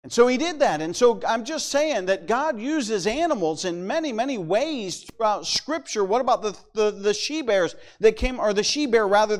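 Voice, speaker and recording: Man, high voice, pastor, folksy conversational sermon, casual asides.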